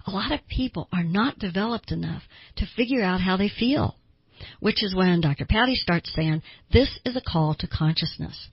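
A woman's voice: on the low side, lively intonation, moderate pace, slightly rough, no room sound, muffled recording. A woman hosting a self-help talk show, giving advice to listeners in an emphatic way and repeating words for stress.

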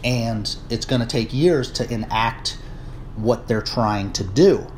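A man from the United States delivering a political rant on his vlog, rambling with many fillers and restarts and rising into indignant shouting. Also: mid-range voice, slow pace, slight background noise. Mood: measured. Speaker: political commentator.

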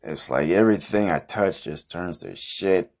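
A young man with a very low voice spins a ridiculous boastful story for his podcast. He talks in a loose, rambling deadpan, full of swearing and fillers. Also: normal speed. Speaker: podcast host.

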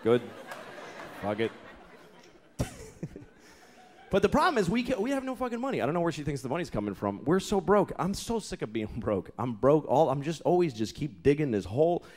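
Onstage at a comedy club, a man in his thirties tells exasperated, profane stories and acts out the people in them while the audience laughs. His voice is fairly high, sing-song and a little fast, with a darkish tone and frequent pauses. The live club recording picks up the crowd and faint noise.

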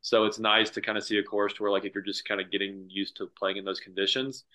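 A man's voice: on the low side, level tone, fast, sharp tone. An American man from the north-east USA, a golf professional guest, telling stories casually and saying "like" constantly. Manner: rambling, says "like" constantly. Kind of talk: casual podcast conversation. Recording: dull lo-fi sound.

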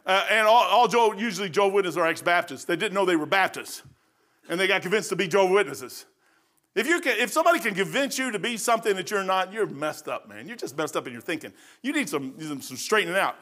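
A man's voice: sits high, lively intonation, quick pace, bright, forceful tone. A man preaching a folksy sermon, rambling through stories and laughing at his own jokes.

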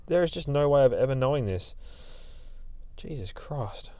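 Aussie guy rambling thru a comic recap, swears constantly, smooth clear voice, dry close sound. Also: medium pitch, expressive, unhurried, mellow, no room sound. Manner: rambling and heavily profane. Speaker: comic review host.

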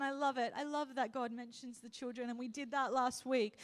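A young woman preaching with a high-pitched voice. She is casual and conversational when telling her story. She swells into fervent, forceful exhortation when she speaks to the church. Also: fairly even intonation, moderate pace, hardly any pauses. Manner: impassioned, rising to loud exhortation. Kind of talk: sermon.

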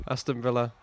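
A young man hosting a comedy podcast, doing a running, easily amused play-by-play of a football match. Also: mid-range voice. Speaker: podcast host, football commentator. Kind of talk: comic mock football commentary.

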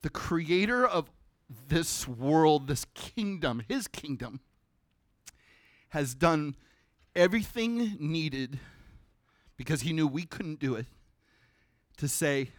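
Animated preaching man, dry close sound. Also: a little high, takes it slowly, long pauses, no echo. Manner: animated, conversational preaching with sudden drops to a hush. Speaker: pastor. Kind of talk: sermon.

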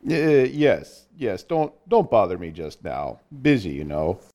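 An actor playing a gentle, muddled, wealthy old madman in a 1940s radio drama, vague and absent-minded. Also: deep voice, very animated, measured pace, muffled recording, full character voice. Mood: distracted. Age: older.

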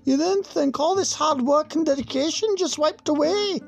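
A man doing an impression of a flustered, defensive Scottish woman politician, in a high, strained mock Scottish accent. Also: moderate pace, creaky.

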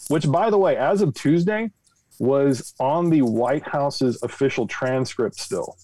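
A man co-hosting a casual podcast, recapping the news in a relaxed, conversational way. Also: medium pitch, a little slow, slight background noise, rough recording. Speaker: podcast co-host.

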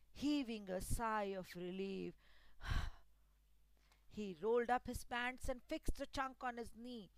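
A woman narrating a spooky first-person story in a deliberate, dramatic storytelling manner. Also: mid-range voice, creaky, no room sound, low-quality recording.

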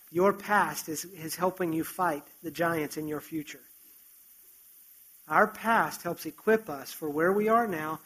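A man with a notably high voice preaching a sermon. He tells the story in an animated, chatty way and breaks off for conversational asides to his listeners. His delivery moves between plain retelling and earnest exhortation. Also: low-quality recording.

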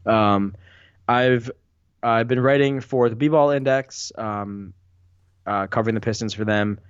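A man's voice: mid-range voice, a little slow, smooth, no echo. Give me a hesitant, rambling man as a podcast guest, on a dull, dry recording. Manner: rambling, hesitant, many ums. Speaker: podcast guest, basketball writer. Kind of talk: casual chat.

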